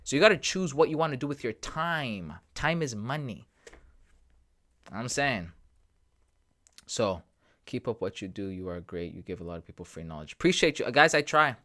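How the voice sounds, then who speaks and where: A man's voice: medium pitch, expressive, moderate pace, long pauses, a bit bright. A man hosting a live trading stream, talking straight to his viewers in a casual, emphatic, repetitive way. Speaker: trading livestream host.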